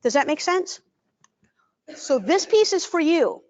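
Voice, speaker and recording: Woman trainer, high voice, animated, frequent check-in questions, dull lo-fi sound. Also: unhurried. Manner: animated, acts out greetings in a bright voice. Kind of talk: live workshop presentation.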